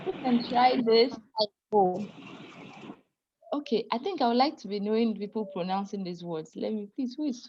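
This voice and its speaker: A woman's voice: medium pitch, a little mellow, dull audio. A woman teaching French pronunciation in an online class, patient and apologetic, often laughing and calling students dear.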